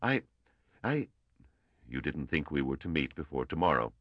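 A man's voice: extremely low pitch, very animated, moderate pace, no room sound, highs cut off, heavily acted. A man doing a nervous young scholar, raised and eager. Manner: eager, deferential, pressed. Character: earnest, anxious young male scholar.

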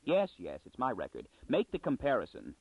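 A man's voice: medium pitch, wildly swooping pitch, vocal fry, dry recording, full character voice. Man reading a sardonic young neurologist. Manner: measured, dryly sardonic. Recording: dry, phone-like narrow sound.

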